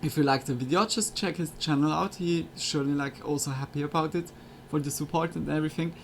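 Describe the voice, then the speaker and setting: Chatty streamer guy with a fairly high voice. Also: steady tone, fast, a little hiss or hum. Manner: chatty, filler-heavy, slightly broken English. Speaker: streamer reacting to videos. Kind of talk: casual reaction commentary. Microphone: USB desk microphone.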